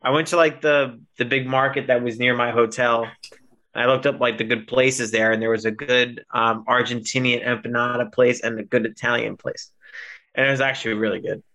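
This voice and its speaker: A podcast co-host chats casually in a mid-range male voice, his delivery flat and his tone sharp at a moderate pace. He tells rambling stories and keeps correcting himself as he goes.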